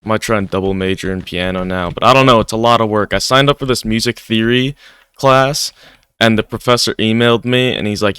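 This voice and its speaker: This young man's lowish, fairly bright voice moves briskly with fairly even intonation as he chats over gameplay for his gaming channel, rambling and using "like" a lot. His desk microphone gives a clean, smooth studio sound without echo.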